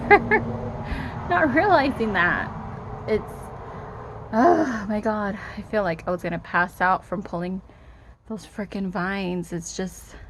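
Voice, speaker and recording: Slow-talking exasperated woman outdoors. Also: medium pitch. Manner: frank and exasperated, swears freely. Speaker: vlogger. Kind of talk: casual vlog monologue. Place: outdoors at a rural home, in the yard. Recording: faint wind and outdoor noise.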